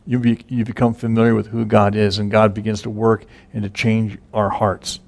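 A man delivers a relaxed, conversational sermon, his low voice gravelly and rough at the edges. He tells the scripture story loosely, full of fillers and asides. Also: moderate pace. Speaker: pastor. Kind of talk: casual sermon.

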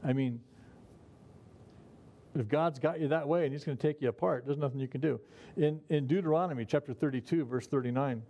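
A man's voice: mid-range voice, a little fast, pauses often, mellow. A man preaching a conversational sermon, folksy in manner and chuckling at his own remarks. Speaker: pastor.

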